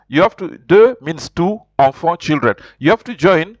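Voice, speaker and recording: A man teaching a beginner French lesson informally, hesitant with many fillers and repeated words, slowing down to repeat French words for practice. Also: fairly high pitch, animated, no echo. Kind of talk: informal language lesson, explaining and pronouncing. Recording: dull, lo-fi home recording.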